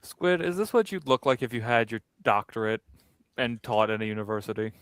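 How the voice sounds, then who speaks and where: A man's voice: medium pitch, fairly quick, a bit bright, smooth, dry recording. A man hosting a casual comics chat, joking and swearing, often breaking into laughter. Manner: profane, joking, bursts of laughter. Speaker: podcast host.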